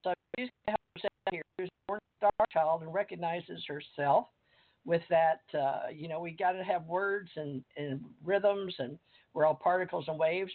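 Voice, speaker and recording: Older woman host, chatty and rambling, calling in on a tinny phone line. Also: on the low side. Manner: chatty, rambling, reads a bio aloud. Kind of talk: casual call-in interview. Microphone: phone or computer call.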